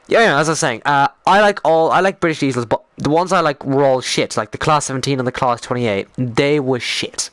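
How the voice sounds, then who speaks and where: A man's voice: medium pitch, fairly quick, hardly any pauses, a bit bright, no echo. A young Irish man chatting casually on a live stream, rambling, swearing freely and getting worked up as he talks.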